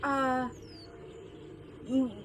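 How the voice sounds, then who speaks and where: A woman playing a tabletop game, talking in an animated, giggly way. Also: high voice, extremely slow, slight background noise, low-quality recording. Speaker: player.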